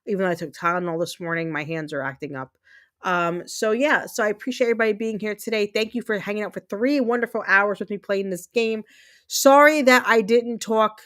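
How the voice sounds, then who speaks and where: A woman's voice: mid-range voice, fairly even intonation, quick pace, fairly bright tone. A woman hosting a gaming livestream, chatting casually and rambling to herself as she plays. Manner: chatty, self-talking, rambling. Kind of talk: casual chat while playing.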